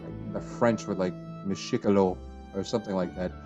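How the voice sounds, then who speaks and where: A man's voice: brisk, muffled recording, over music. Rambling male let's-play commentator. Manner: rambling, chatty, trails off and restarts; excited bursts of high pitch at discoveries. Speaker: gaming channel host.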